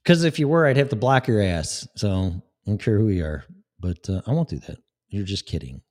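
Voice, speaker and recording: A man's voice: lowish voice, expressive, brisk, a little mellow. A man hosting a live talk show, speaking in a blunt, sarcastic, rambling way. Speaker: podcast host. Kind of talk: casual live-show monologue.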